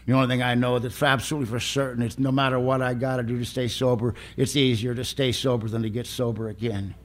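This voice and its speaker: An older man giving a personal recovery testimony, plain-spoken and emotional, with rough humor. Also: medium pitch, little pitch movement, fast. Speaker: recovery meeting speaker.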